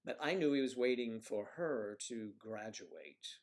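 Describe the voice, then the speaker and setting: Guy hosting a livestream at his computer, rambly, keeps muttering to himself, mid-pitched voice. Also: a little slow. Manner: rambling, drifting into soft mutters while clicking around. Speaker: livestream host. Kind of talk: casual livestream chat reading viewer messages.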